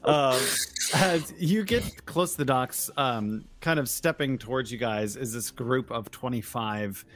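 A man narrating and ruling as game master of a tabletop game, explaining in a measured way. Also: medium pitch, fairly bright tone.

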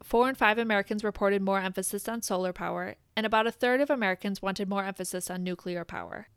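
A woman hosting an informational podcast, reading a script in an even, measured way. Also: mid-range voice, smooth, dry recording, studio quality. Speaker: podcast host.

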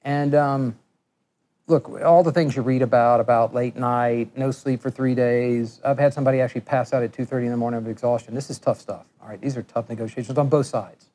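A middle-aged man giving a lecture, telling animated workplace anecdotes and acting out the voices of people he quotes. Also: medium pitch, a little fast. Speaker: guest lecturer. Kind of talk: storytelling lecture.

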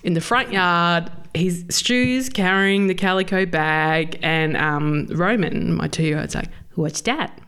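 A woman, co-hosting a podcast as a laughing, swearing, animated storyteller. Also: on the low side, slow, hardly any pauses, clear, resonant tone. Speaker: podcast co-host. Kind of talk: casual chat.

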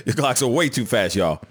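A man's voice: medium pitch, fairly bright tone, breathy edge. A man hosting a live stream, chatting casually and joking while he reads viewer comments aloud. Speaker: host of a live entertainment news stream.

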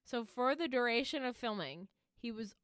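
A woman's voice: a little high, animated, normal speed, a bit bright, dry recording, studio quality. A young woman co-hosting a podcast in casual chat, playful and teasing, often giggling. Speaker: podcast co-host.

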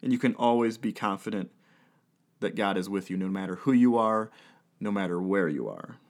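A man's voice: fairly low pitch, lively intonation, normal speed. A man in his thirties, a pastor preaching a sermon in an earnest way, with repeated phrases and rhetorical questions. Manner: earnest, rhetorical questions and repetition, with occasional laughs.

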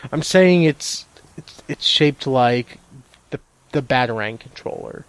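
A man's voice: medium pitch, expressive, measured pace, pauses often, clear, resonant tone, dry recording. A young man co-hosting a podcast, chatting casually and riffing on silly, absurd bits in a rambling, goofy way. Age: young adult. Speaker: podcast co-host. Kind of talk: casual comedic banter.

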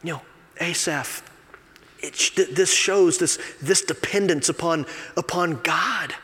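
Male assistant pastor, confessional sermon delivery, slightly raised pitch, echoing sanctuary sound. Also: measured pace. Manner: confessional, conversational, swings from quiet asides to loud emphasis. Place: church sanctuary. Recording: long reverb of a church hall.

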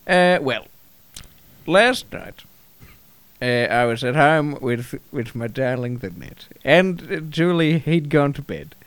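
A man co-hosts an improvised comedy show, his fairly high voice swinging widely in pitch. He rambles and stumbles over his words, restarting sentences as he goes. The sound is close and dry. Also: lively intonation, a bit bright, clear, resonant tone, dry recording. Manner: rambling, halting delivery with many restarts. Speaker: podcast co-host.

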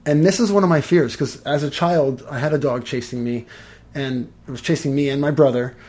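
A man, an energy healer, chatting casually and telling lively stories, swearing and laughing as he goes. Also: mid-range voice, a little fast. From Los Angeles. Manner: animated, swears, laughs through his stories. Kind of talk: casual storytelling in conversation.

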